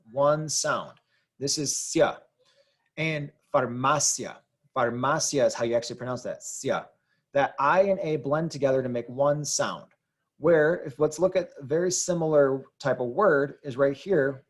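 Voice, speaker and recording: A man teaching a lesson, explaining rules patiently and repeating key points. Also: medium pitch. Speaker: Spanish teacher. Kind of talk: classroom explanation.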